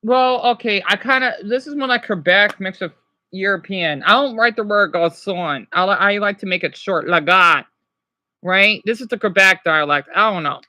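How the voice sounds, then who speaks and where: A man's voice: high-pitched, normal speed, sharp tone, no room sound, clean studio sound. A man casually teaching French words on a livestream, rambling and correcting himself while answering chat.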